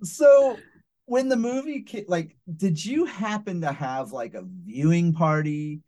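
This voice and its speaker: Lively joking podcast host. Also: male voice, high-pitched, measured pace. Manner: joking, laughs readily, chatty. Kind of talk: casual interview chat.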